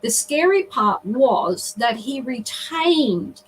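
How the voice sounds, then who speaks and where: A woman's voice: a little high, very animated, slow, a little hiss or hum, rough recording. A middle-aged woman, a guest on a video call, earnestly telling a personal story with emotion and frequent restarts.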